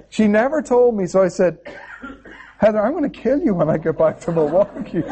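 A man's voice: a little high, dark tone, husky. A man preaching a sermon, telling a personal story in a chatty way and often checking in with "okay?". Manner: chatty, keeps adding "okay?".

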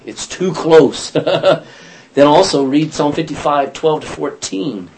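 A man's voice: on the high side, slow pace, vocal fry, slight background noise. A man leading an informal Bible study, telling the stories in a chatty way, acting out the lines and correcting himself as he goes. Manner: animated, chatty storytelling with self-corrections and laughs.

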